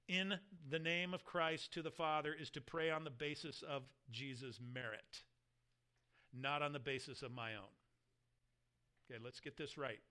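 A pastor with a fairly high, pushed, bright voice preaches a sermon, working through scripture verse by verse. He reads passages aloud with earnest emphasis.

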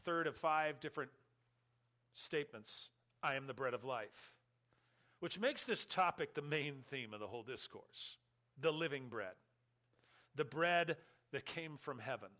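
A man's voice: mid-range voice, unhurried, long pauses, pushed and bright. A man preaching a sermon, teaching verse by verse with emphatic stresses and wry asides. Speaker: pastor.

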